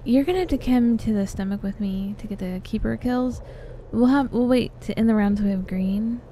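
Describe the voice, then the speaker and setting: A woman's voice: a little high, moderate pace, warm tone. A young woman playing a video game with friends, chatting casually, swearing a lot and ranting in exasperation. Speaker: gamer. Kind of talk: casual gaming chat. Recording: noisy game capture audio.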